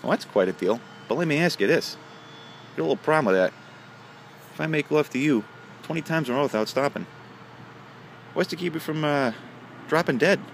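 A man's voice: on the high side, lively intonation, brisk, creaky, a little hiss or hum, voice pushed up. A man voicing a cocky young farm lad who asks eager, rising questions.

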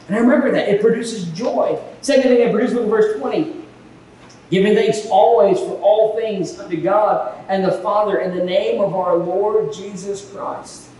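High-voiced pastor preaching in an echoey hall. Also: male voice, normal speed. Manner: animated storytelling, acting out quoted exchanges. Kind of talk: sermon. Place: church hall. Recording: echoey hall from far off, faint noise.

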